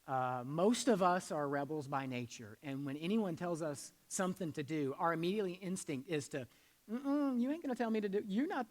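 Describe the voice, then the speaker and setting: Man preaching in a reverberant church hall. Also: on the high side. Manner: conversational preaching, swings between loud emphasis and soft asides; leads the congregation in call-and-response. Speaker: pastor. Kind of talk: sermon.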